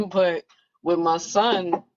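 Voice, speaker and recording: A woman's voice: fairly low pitch, very slow, a bit bright. A woman in a casual book club conversation, telling a personal story in a reflective, storytelling manner. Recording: muffled lo-fi audio.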